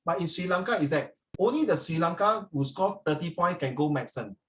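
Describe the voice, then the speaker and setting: A Singaporean man leads a social studies lesson in a classroom, lively and joking with his students. He slips between English and Mandarin and mimics everyday Singlish phrases to make his point. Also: high-pitched, a little fast.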